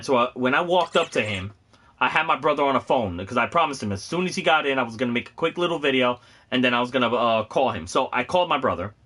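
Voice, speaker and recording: A man hosting a casual livestream, chatting in a bright, forceful voice. He rambles excitably from one story to the next. He laughs often as he talks. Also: mid-range voice. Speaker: host of a gaming and cosplay channel.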